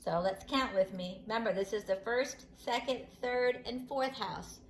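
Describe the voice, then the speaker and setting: A woman teaching a preschool lesson at home, talking slowly and sing-song to small children. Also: fairly high pitch, fairly even intonation, echoey room, poor audio. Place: home room.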